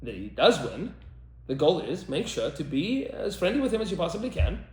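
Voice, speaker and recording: An emphatic man, a rabbi, holds forth in a podcast conversation with a pitch that swings up and down. His voice sits a touch high, and a roomy echo hangs around it. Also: sing-song, moderate pace. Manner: emphatic, repeats lines for effect, mixes in Hebrew terms. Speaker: rabbi and teacher. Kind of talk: animated podcast discussion.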